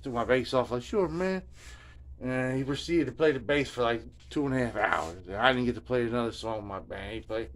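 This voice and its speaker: A man's voice: mid-range voice, a little fast, fairly bright tone. Middle-aged Jersey guy, easygoing host, drawls through a long rambling story, mid-range voice. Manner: laid-back, drawling, peppers speech with "man" and "you know what I mean". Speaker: host of a guitar video journal.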